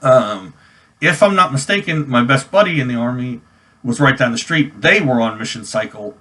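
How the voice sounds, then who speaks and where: A man's voice: mid-range voice, expressive, moderate pace, fairly bright tone. Man in his forties telling an army story. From New York. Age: 40s. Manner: casual, rambling, many restarts and fillers. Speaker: army veteran vlogger. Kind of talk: personal storytelling vlog.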